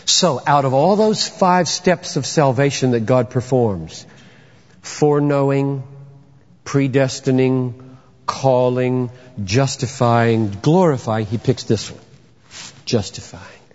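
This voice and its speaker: A man's voice: medium pitch, takes it slowly. Emphatic preacher man in a reverberant hall. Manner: animated, emphatic, rhetorical questions, bursts of shouting. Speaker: pastor. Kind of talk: sermon. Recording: dull sound with long hall reverb.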